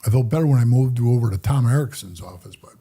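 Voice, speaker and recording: A middle-aged man with a husky, gravel-edged voice swaps rough stories in a casual interview. His tone sits low and mellow, and he is blunt, streetwise and full of profanity. He often sinks into quiet mutters when he replays old conversations. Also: animated, fast. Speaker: podcast guest.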